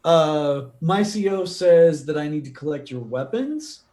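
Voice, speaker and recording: A man's voice: a little high, lively intonation, a little slow, darkish tone, reverberant. A man voicing a stern male soldier with an American accent, giving curt orders.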